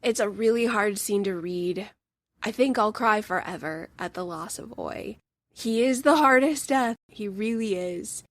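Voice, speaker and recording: A woman's voice: mid-range voice, unhurried, no echo. Woman podcast host gushing over a book, earnest and emotional, dry close mic.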